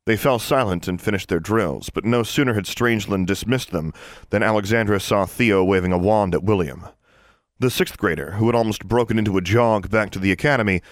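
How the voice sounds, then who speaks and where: A man narrating an audiobook in a steady, measured reading voice. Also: fairly low pitch, no echo, studio quality.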